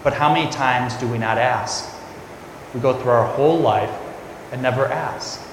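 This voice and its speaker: A priest giving a conversational homily, telling a family story before turning to scripture. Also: male voice, mid-range voice, moderate pace, background noise. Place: large church. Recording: echoey church recorded from afar.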